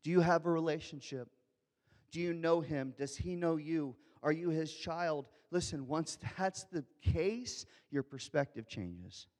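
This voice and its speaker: Man preaching a sermon, slightly high voice, loud fervent bursts, long hall echo. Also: measured pace. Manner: animated preaching, shifts from soft asides to loud shouted quotes. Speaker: pastor. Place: large church hall. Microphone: handheld or headset microphone.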